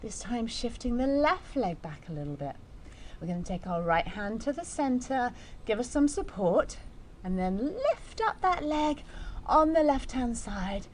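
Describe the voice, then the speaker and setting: A woman's voice: fairly high pitch, big pitch swings, a little slow, a little mellow, a little hiss or hum. A woman teaching a yoga class for young children, giving playful, encouraging, story-like instructions.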